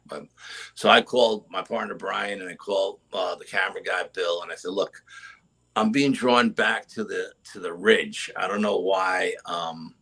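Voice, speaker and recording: A middle-aged man guests on a live interview and tells his story in an animated way. His voice sits low but comes out forceful and tense, and he keeps tagging his sentences with "you know?". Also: unhurried, low-quality recording. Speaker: guest, cryptid investigator.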